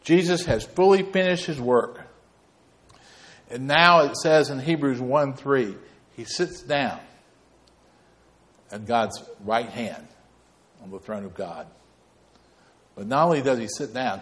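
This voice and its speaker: A man's voice: mid-range voice, slow, pauses often, a bit bright. A man preaching a sermon as pastor, folksy and rambling, with storytelling asides.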